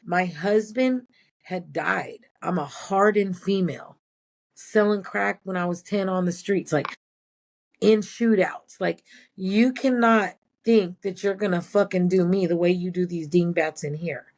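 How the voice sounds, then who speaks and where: A woman's voice: on the low side, unhurried, a little mellow. A former prison nurse, a woman, telling blunt and profane stories in a casual interview.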